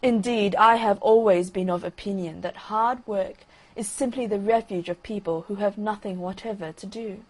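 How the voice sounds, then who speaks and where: A woman's voice: medium pitch, normal speed, creaky. Woman reading as a pompous male firework rocket. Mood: haughty. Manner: pompous, self-admiring, loud declaiming. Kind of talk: bedtime story reading.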